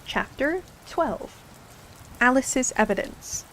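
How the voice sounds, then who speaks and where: A woman with a slightly high voice reads a storybook aloud in a soft, unhurried ASMR manner. Faint rain patters in the background. Her narration is calm and steady. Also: a little hiss or hum, rough recording. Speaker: ASMR streamer reading a storybook.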